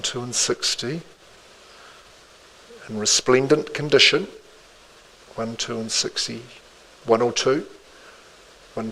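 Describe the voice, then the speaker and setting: A New auctioneer calling bids live in an indoor room. He keeps up a rhythmic patter at a mid-range pitch, repeating the figures over and over and dropping in quick friendly asides. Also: vocal fry, sharp tone, slight background noise, poor audio.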